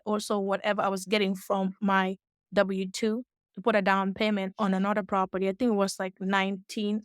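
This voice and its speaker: A woman, telling her story as an interview guest, acting out the people she quotes and correcting herself quickly as she goes. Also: medium pitch, no echo, studio quality. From West Africa. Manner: animated retelling with acted-out quotes and quick self-corrections. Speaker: guest, real estate investor.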